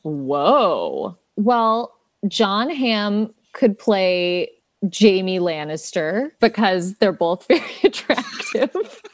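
A woman's voice: mid-range voice, big pitch swings, drawn-out words, no echo. A woman actress chatting as an interview guest, playful and laughing often. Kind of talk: casual interview chat.

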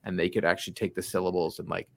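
A man's voice: low-pitched, very fast, vocal fry, dry recording. Chatty man with a slight Canadian accent. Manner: rambling, animated storyteller. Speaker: podcast co-host. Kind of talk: casual chat.

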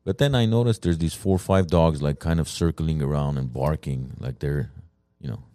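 Very deep-voiced man telling a story. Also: normal speed, no room sound, studio quality. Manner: animated storyteller, many fillers and restarts. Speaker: podcast co-host telling a story. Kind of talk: casual storytelling among friends.

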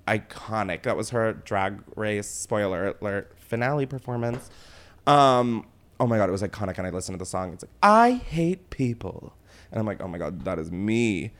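A man's voice: lowish voice, brisk. A man hosting a casual chat, telling a story with lots of swearing and laughter. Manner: animated storyteller, swears freely, laughs often. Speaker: podcast host.

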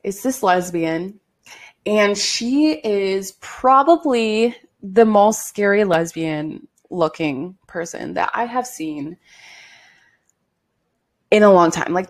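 A young woman in her twenties hosting a podcast, telling a personal story in a candid, animated way and swearing freely. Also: mid-range voice, takes it slowly. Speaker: podcast host. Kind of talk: casual storytime monologue.

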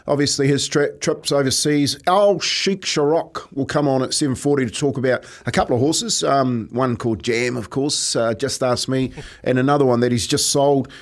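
A man's voice: mid-range voice, moderate pace. A middle-aged man, co-hosting breakfast radio and telling stories with frequent laughs. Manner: chatty storyteller, laughs often. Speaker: radio co-host. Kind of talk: casual breakfast radio banter.

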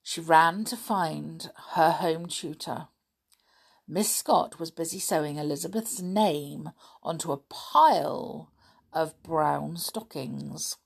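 A woman reading a children's story aloud in an expressive, lively storybook manner. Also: deep voice, takes it slowly, gravelly, breathy edge.

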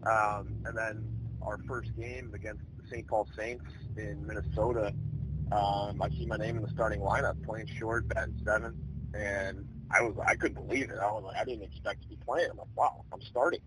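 A man in his twenties, a baseball player, telling his story in a relaxed, rambling way with many fillers. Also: lowish voice, moderate pace, noisy background. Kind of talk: casual storytelling interview.

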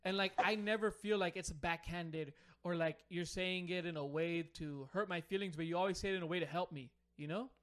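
A man's voice: high-pitched, a little fast, few pauses, fairly bright tone. A young man co-hosting a podcast, chatting casually among friends in a rambling way, full of fillers. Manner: rambling, heavy with fillers like "you know". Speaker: podcast co-host.

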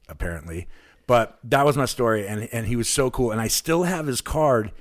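A man from Alaska, a podcast guest, telling a long, excited anecdote in casual chat and acting out the people in it. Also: mid-range voice, normal speed. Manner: excited, rambling anecdote with lively quoted voices.

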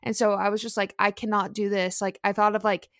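A young adult woman co-hosting a podcast tells a story in chatty, animated fashion with many fillers. Her mid-range voice moves briskly, and the sound is clean studio quality with no echo.

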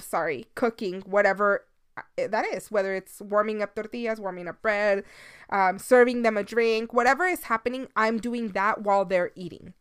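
A woman's voice: a little high, a bit bright, clear, resonant tone. A woman in her thirties hosting a casual solo podcast, talking candidly and swearing freely, slipping into the odd Spanish phrase, a little sleepy. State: sleepy, yawning. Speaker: podcast host.

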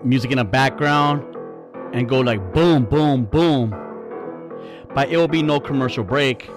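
A man's voice: mid-range voice, normal speed, music in the background. A man hosting his own podcast, ranting bluntly in a casual, profane, rambling way. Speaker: podcast host. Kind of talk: casual solo podcast rant.

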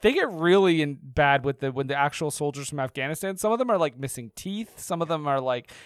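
Guy co-hosting a movie podcast, clear smooth voice, dry close sound, chatty. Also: a little high, lively intonation, a little fast, dry recording. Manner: chatty, self-correcting, laughs often. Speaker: podcast co-host. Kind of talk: casual film review chat.

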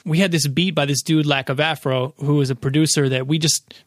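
A man's voice: fairly high pitch, fairly even intonation, a little fast, no room sound, clean studio sound. A man in his thirties, a podcast guest, telling loose, profane stories in casual chat with lots of fillers.

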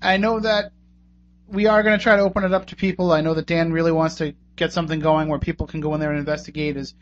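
A man's voice: fairly high pitch, flat delivery, fast. A man hosting a radio talk show, rambling casually as he thanks his guests and wraps up. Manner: chatty and rambling, thanking guests and plugging contacts. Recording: muffled radio recording with faint hum.

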